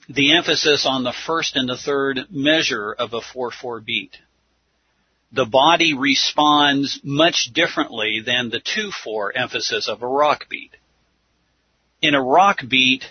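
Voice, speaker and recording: A man's voice: mid-range voice, slightly rough. A man giving a religious teaching talk, explaining step by step and counting things out, on a dull lo-fi recording. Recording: dull lo-fi sound.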